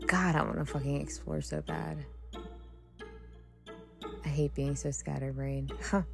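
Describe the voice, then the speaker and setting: A woman's voice: low voice, fairly even intonation, unhurried, creaky, over loud music. A woman hosting a solo podcast monologue, ranting heatedly with lots of swearing and scattered, restarting thoughts. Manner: profane, rambling rant; heated and frustrated. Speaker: podcast host.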